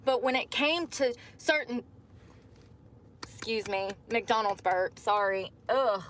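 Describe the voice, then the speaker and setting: A woman's voice: fairly high pitch, slow, fairly bright tone, a little hiss or hum. A woman telling a personal story casually to her livestream viewers, calling them y'all. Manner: chatty, addresses viewers as y'all.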